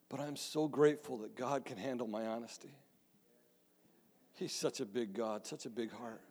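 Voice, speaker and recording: With long pauses and a darkish, steady medium-pitched voice at normal speed, a middle-aged pastor relates his own experience in a sermon. His delivery is conversational and self-deprecating, full of restarts, and the recording carries long hall reverb.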